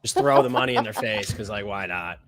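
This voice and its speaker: A man's voice: fairly low pitch, brisk, fairly bright tone, soft background music. A man co-hosting a live trading stream, chatting casually, laughing and swearing, sweating in a suit. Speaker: trader co-host.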